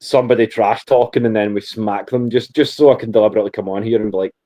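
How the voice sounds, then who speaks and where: A man's voice: lowish voice, steady tone, fast talker, mellow. A Scottish man co-hosting a podcast in casual chat, joking and laughing often, with frequent restarts. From Scotland. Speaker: podcast co-host.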